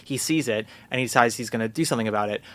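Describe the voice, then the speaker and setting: A young man hosting a podcast in casual chat, animated and profane, acting out quotes in little voices. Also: mid-range voice, racing. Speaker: podcast host.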